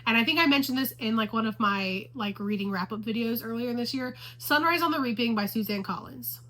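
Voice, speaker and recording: Gushy book vlogger lady, high bright voice, super excited about her reads. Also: brisk, low-quality recording. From Houston, Texas area. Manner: gushing and enthusiastic, repeats herself for emphasis. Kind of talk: casual chat to camera.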